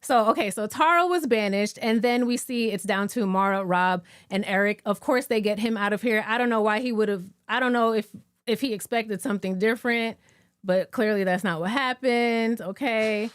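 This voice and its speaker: A woman hosting a casual live recap chat, animated and playfully mimicking the people she talks about. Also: fairly high pitch, moderate pace, clear, resonant tone, no room sound, clean studio sound. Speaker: host.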